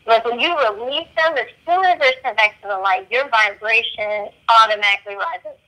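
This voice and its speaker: Woman host on a spiritual live talk, kinda high and super bright tone, soothing and repeats herself a lot. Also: a little fast, rough recording. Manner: earnest, reassuring, repeats key phrases. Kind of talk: spiritual talk-show chat.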